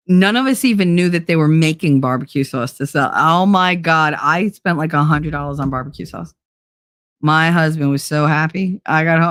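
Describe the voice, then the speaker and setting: A woman's voice: deep voice, dry recording, clean studio sound. A middle-aged woman hosting a casual livestream, telling stories with lots of energy, swearing freely and laughing often as she answers chat. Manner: animated storytelling, frequent swearing and laughter. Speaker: livestream host reading chat.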